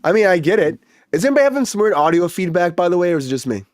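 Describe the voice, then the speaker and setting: A fast-talking man hosts a casual panel over a video call, chatty and easygoing. His voice is dry and close, with no room around it. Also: high voice, sing-song, no echo. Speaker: host.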